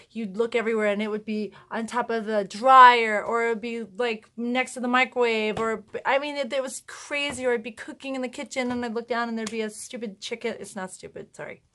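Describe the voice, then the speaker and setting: A woman vlogger with a slightly high voice tells a home story in a loose, chatty way. She laughs often and breaks in with self-mocking asides. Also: pushed and bright. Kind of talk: casual storytelling to camera.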